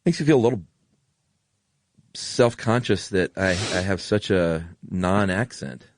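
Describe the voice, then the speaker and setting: An American man with a General American accent, co-hosting a casual podcast. He talks in a low voice and gushes, often repeating himself. The recording is dry and close. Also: measured pace, no echo. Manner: gushing, enthusiastic, repeats himself. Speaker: podcast co-host. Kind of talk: casual chat.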